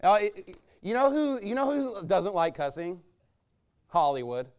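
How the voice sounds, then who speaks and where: A man preaching a combative, mocking sermon, swinging between low muttering asides and loud outbursts. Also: very animated, moderate pace. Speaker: pastor. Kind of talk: fiery sermon rant.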